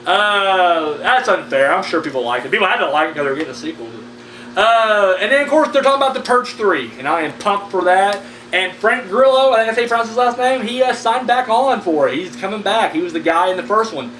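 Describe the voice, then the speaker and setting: A man's voice: sits high, lively intonation, a little fast, a bit bright. A man giving casual, rambling horror movie news commentary, blunt and full of profanity. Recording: echoey room, mic at a distance, faint background noise.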